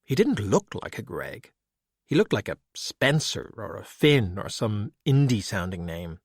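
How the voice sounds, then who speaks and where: A man's voice: fairly low pitch, sing-song, unhurried, vocal fry, slightly rough, dry recording. Man reading an audiobook, dry sound. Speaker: audiobook narrator. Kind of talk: audiobook narration.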